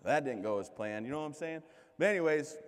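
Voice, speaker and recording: A man in his thirties from Michigan, giving a comic, self-mocking keynote speech with lively crowd banter. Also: on the high side, quick pace. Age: 30s. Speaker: keynote speaker. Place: large conference hall. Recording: long hall reverb.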